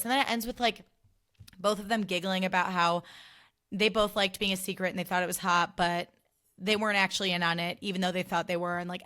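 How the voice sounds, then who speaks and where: A woman talks alone into her podcast mic, loose and chatty. She drops in sarcastic asides and leans on filler words as she recaps and rants. Her voice sits at an ordinary middle pitch for a woman. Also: steady tone, brisk, pushed and bright. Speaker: podcast host. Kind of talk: casual solo podcast chat.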